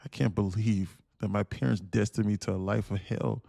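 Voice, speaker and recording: A man's voice: on the low side, steady tone, moderate pace, vocal fry, warm tone, dry recording, studio quality. A man streaming live day trading, talking casually and laughing as he reads chat aloud. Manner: laid-back, chuckling, reads chat aloud.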